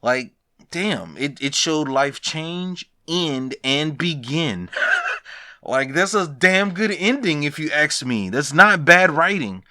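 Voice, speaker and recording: A young man hosting a casual podcast, ranting about games with profanity, laughing asides and big animated swings. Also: on the high side, slow, dry recording, clean studio sound. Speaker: podcast host. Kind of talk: casual gaming news rant.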